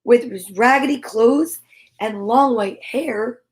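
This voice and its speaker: A woman reading a children's storybook aloud in a gentle, expressive way, adding chatty asides between pages. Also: fairly high pitch, slow.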